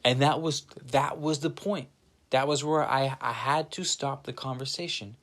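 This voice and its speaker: Animated, swearing young man talking to camera. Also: medium pitch, normal speed. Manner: animated, swears freely, restarts sentences often. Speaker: channel host. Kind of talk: casual spoken monologue to camera.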